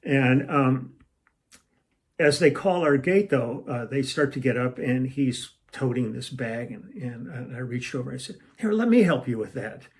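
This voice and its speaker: A man's voice: medium pitch, creaky. Older man rambling through a story. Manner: rambling, meandering, acts out quoted lines. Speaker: musician telling a tour story. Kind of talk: casual storytelling to camera. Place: at home, room with a shelf.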